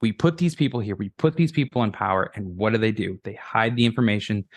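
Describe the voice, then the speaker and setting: A man's voice: fairly low pitch, fast, no echo. A man on a podcast as a guest, chatting casually and rambling profanely about politics with many restarts.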